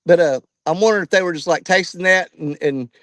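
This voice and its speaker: A man's voice: high-pitched, quick pace, fairly bright tone, no room sound. A man hosting a live fishing stream outdoors, out of breath and chatting to viewers by name. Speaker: fishing channel host. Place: outdoors at a riverbank.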